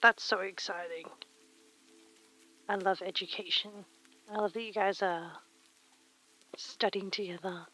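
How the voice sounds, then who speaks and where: A woman streamer chatting casually while she sews, reading chat aloud and muttering soft whispers to herself. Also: medium pitch, fairly even intonation, a little slow, pauses often, low-quality recording. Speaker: live streamer.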